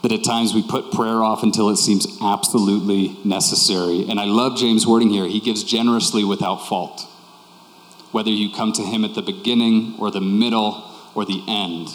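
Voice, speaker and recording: A man delivers a sermon in a relaxed, candid way, leaning on repetition to drive his points home. His voice sits low. It rings out through a roomy church hall with a long tail of reverb. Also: normal speed. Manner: conversational and candid, repeating key phrases. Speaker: preacher.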